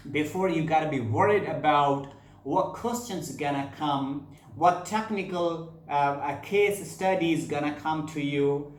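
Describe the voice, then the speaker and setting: Brief: man, slightly high voice, HR tips with many fillers, roomy echo. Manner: repetitive, fillers, demonstrates gestures. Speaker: HR advice presenter. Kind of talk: advice talk to camera.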